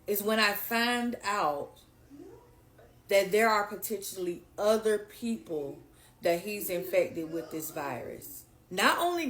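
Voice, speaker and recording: A woman tells her own story straight to camera, earnest and emphatic. Her voice sits at a middle pitch. The room around her rings with echo. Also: fairly bright tone. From South Carolina, US. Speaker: vlogger. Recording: echoey room.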